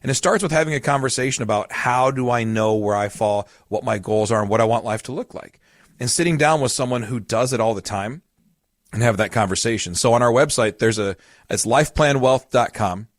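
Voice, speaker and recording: A man's voice: medium pitch, fairly quick, no echo, studio quality. A man hosting a podcast as a retirement coach, explaining in a casual, storytelling way with everyday examples.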